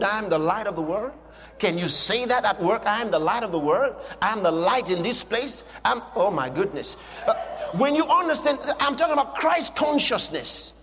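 A man preaches in a very high, lively voice, hammering home his points by repeating them. The sound carries a long hall reverb, with soft music under it. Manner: emphatic, repeats declarations. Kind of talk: sermon.

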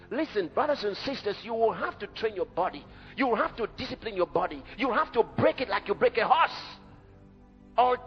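A man preaching a sermon in an emphatic, dramatic way. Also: sits high. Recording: dull echoey hall recording with faint music.

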